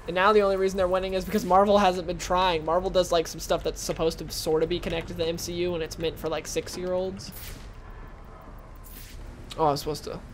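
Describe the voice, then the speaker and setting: A man's voice: high voice, little pitch movement, fairly quick, a little hiss or hum. Chatty young man rambling over gameplay. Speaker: gaming channel host. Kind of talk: casual let's-play commentary.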